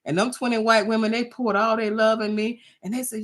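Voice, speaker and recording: A woman's voice: a little high, flat delivery, a little fast. A woman coaching small business sellers in a motivational talk. She speaks emphatically, repeats her points and checks in with "okay?", and she tells stories in which she acts out the voices of the people in them. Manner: emphatic and repetitive, drives points home with "okay?"; storytelling, acts out quoted voices.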